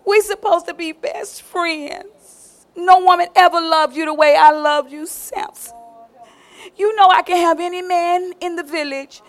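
A seductive woman, as a woman preacher puts her on, pleads and coaxes in a soft, half-whispered voice. She draws her words out slowly, sweet and wheedling. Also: very high-pitched, fairly even intonation. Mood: wounded pleading.

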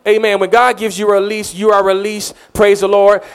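A man's voice: high voice, little pitch movement, brisk, clear, resonant tone. A man giving a conversational sermon as a minister, earnest, often repeating words and calling out amen.

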